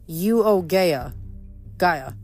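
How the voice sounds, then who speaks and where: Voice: medium pitch, animated, drawn-out words, faint music behind. A reader voicing a stern, guarded young woman commander who speaks curtly. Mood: firm.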